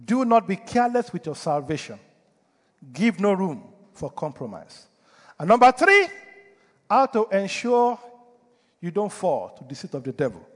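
A man's voice: high voice, sing-song, moderate pace, pauses often, in a large hall. A male pastor delivering a sermon, preaching emphatically and putting rhetorical questions to the congregation. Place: church.

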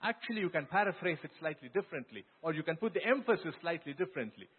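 A man's voice: fairly high pitch, lively intonation, quick pace, few pauses, breathy edge, narrow, tinny audio. A man preaching a sermon as pastor, retelling scripture in an earnest, emphatic storytelling way.

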